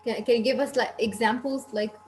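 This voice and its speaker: A woman's voice: fairly high pitch, steady tone, brisk. A woman hosting a casual online English class over a video call. She encourages students and asks them questions. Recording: noisy video call audio.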